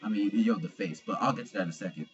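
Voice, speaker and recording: A man's voice: fairly low pitch, very fast, highs cut off, faint music behind. Slangy young man reviewing manga. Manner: slangy and profane, animated retelling. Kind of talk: casual video review.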